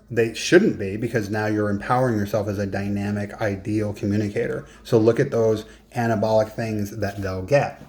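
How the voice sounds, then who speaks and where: A man's voice: fairly low pitch, a little mellow, a little hiss or hum. A man coaching in a casual, conversational lesson, emphatic and given to joking asides. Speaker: business and life coach.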